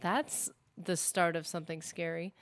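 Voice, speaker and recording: A young woman livestreaming a game, talking casually in a rambling, animated way, filling her sentences with "like". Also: fairly low pitch, normal speed. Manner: rambling, animated, heavy use of "like". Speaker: gaming streamer. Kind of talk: casual live-stream commentary.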